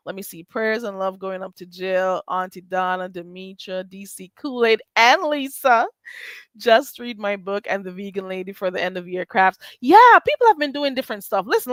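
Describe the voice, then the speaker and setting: A woman hosting a casual livestream commentary, reading chat aloud and ranting bluntly with plenty of swearing and sudden loud jumps in pitch. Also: no echo. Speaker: YouTube commentary host.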